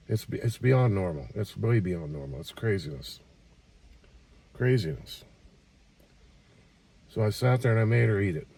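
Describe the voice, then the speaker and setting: Man vlogger, warm and gravelly, rambling and exasperated, mic a little distant. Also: fairly low pitch. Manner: rambling, repeats himself, exasperated. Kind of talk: casual vlog talk. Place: small room in a care home.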